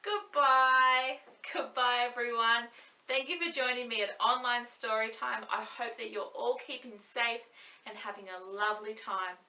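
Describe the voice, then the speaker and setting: A woman's voice: fairly high pitch, steady tone, moderate pace, pushed and bright. A woman running an online story time for young children as a librarian, cheerful and sing-song, recorded in a library. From Australia. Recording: echoey room, mic at a distance.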